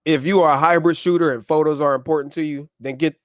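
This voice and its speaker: A man's voice: on the high side, steady tone, fast, no echo, clean studio sound. A man hosting a casual live stream, chatting loosely with viewers and reading out their comments, on a clip-on wireless mic.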